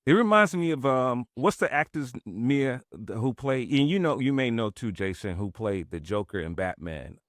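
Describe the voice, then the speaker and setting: A man co-hosting an interview, asking questions in a halting, casual way with many restarts. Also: mid-range voice, sing-song, no room sound, clean studio sound. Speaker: podcast co-host.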